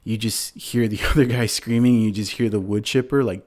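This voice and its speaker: A man hosting a podcast, casually retelling a movie plot in a rambling way, full of fillers and quick laughs. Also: lowish voice, fairly even intonation, darkish tone. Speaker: podcast host.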